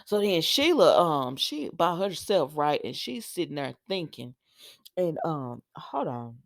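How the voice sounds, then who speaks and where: A woman hosting a casual soap opera recap vlog, chatting to her viewers in an animated, sassy way. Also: deep voice, measured pace, gravelly, dry recording, studio quality. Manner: animated, talks straight to viewers with playful sass.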